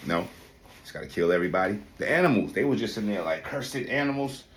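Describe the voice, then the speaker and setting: A man reacts out loud in slangy, incredulous commentary on a fairly low voice. His pitch jumps around as he talks. The room is echoey, with a faint noise underneath. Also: animated, fast.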